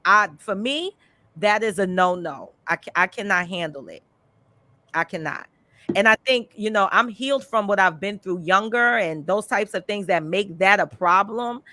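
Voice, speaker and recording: A woman hosting a podcast, telling personal stories in an animated, chatty way full of "you know" and "like". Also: on the low side, no room sound. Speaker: podcast host and life coach. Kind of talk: candid conversational storytelling.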